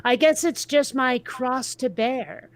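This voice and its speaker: A woman's voice: high voice, takes it slowly, crowd noise. A woman from Vermont venting bluntly in a casual group video chat, stumbling over her words as she restarts sentences. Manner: blunt, ranting, frequent restarts. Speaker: atheist video creator.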